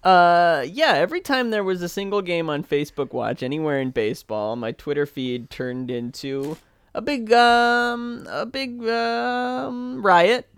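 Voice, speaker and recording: A man co-hosting a casual podcast, teasing his partner and prompting with questions. His voice is slightly high and smooth. The sound is dry and close. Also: lively intonation, unhurried, a bit bright, dry recording. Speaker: podcast co-host. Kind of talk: casual chat.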